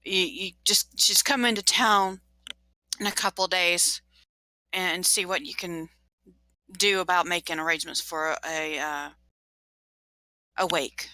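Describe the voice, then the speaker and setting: A woman's voice: on the low side, fairly even intonation, measured pace, long pauses, bright, forceful tone, no room sound. A woman voicing a haggard male miner who stammers sorrowful apologies.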